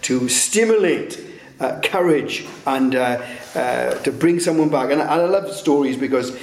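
A male preacher delivers a sermon in a noticeably echoey room, his voice sitting at an ordinary middle pitch. He talks in halting bursts, restarting phrases and tossing in tag questions as he goes.

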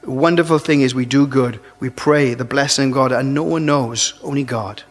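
A man preaching a sermon, earnest and halting, often restarting his phrases and pushing up into emphatic rises. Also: medium pitch. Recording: long reverb of a large hall.

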